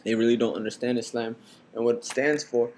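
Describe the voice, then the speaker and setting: A man's voice: mid-range voice, brisk, a little hiss or hum. Laid-back young man telling a story. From United States. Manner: relaxed, rambling retelling with many fillers. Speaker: vlogger. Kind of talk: casual storytelling vlog.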